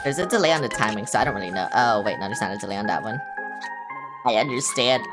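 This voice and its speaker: A woman with a low, deep voice chatters through a live game stream, jumpy and easily rattled, cursing freely as she goes. Clear game music plays underneath her. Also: quick pace. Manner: excitable, panicky, swears casually. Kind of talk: live gameplay commentary.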